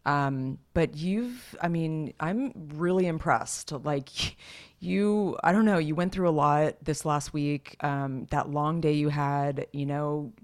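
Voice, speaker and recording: Deep-voiced woman, laughing supportive chat. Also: darkish tone. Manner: supportive listener, laughs often, quick asides. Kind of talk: casual chat.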